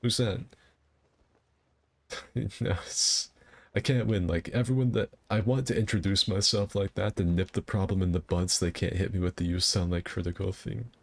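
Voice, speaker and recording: A man's voice: fairly low pitch, steady tone, a little fast, vocal fry. A man chatting casually while he streams a game, rambling and self-deprecating. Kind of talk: casual gameplay commentary.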